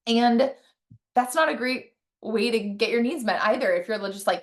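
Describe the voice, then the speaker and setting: A woman's voice: fairly high pitch, moderate pace. A woman relationship coach teaching casually, with a conversational manner, many fillers and frequent tag questions.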